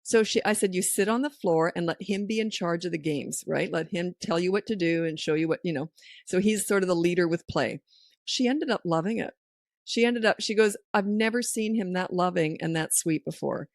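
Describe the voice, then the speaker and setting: Gravelly-voiced woman giving parenting advice. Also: on the low side, moderate pace, no room sound, clean studio sound. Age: middle-aged. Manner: anecdotal, down-to-earth, acts out quoted lines. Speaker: parenting podcast host. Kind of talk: casual advice chat.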